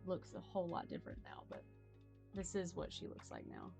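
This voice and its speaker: A woman's voice: lowish voice, wildly swooping pitch, a little fast, gravelly, darkish tone, faint music behind. A woman chatting casually and reading a news story aloud, adding wry asides.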